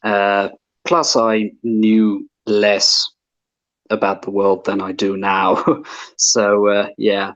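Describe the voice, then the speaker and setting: A man with a very low, deep voice speaks in character at a tabletop game. He talks eagerly but haltingly, with many fillers and restarts. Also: level tone, a bit bright, lo-fi sound. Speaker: tabletop player. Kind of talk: in-character role-play chat.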